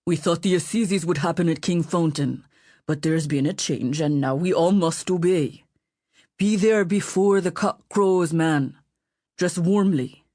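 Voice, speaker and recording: Woman doing a gruff butler. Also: on the low side, a little slow, warm tone, dry recording, clean studio sound. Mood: scolding. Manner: blunt, scolding. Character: gruff sardonic male butler, bossy.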